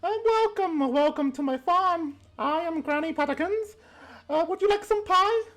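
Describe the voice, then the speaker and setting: A woman voicing a sweet, fussy old grandmother who runs a farm, in a doting, drawn-out singsong manner. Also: very high-pitched, expressive, a bit bright, voice pushed up. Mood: welcoming.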